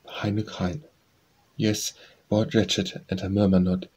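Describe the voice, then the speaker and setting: A man reading poems aloud as an audiobook narrator, in a slow, measured recitation with a husky voice. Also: sits low, level tone, a little mellow. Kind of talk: scripted poetry reading.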